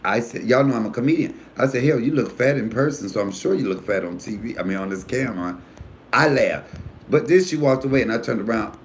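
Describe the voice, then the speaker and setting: A US comedian and YouTube host chats casually and frankly on his own live stream, with slight background noise. His storytelling is animated and full of profanity, and his voice jumps high when he quotes his friends.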